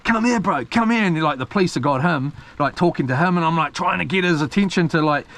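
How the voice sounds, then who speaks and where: A man's voice: fairly high pitch, fast, a bit bright. A man, a mechanic chatting loosely to his live-stream viewers from a boat, rambling with lots of ums and restarts. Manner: meandering storyteller with many ums and restarts, slangy. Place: on a boat at sea.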